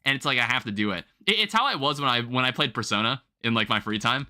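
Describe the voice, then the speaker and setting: A young man hosting a livestream, chatting casually while gaming and telling rambling, animated stories with some swearing. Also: mid-range voice, quick pace. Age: young adult. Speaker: livestream host.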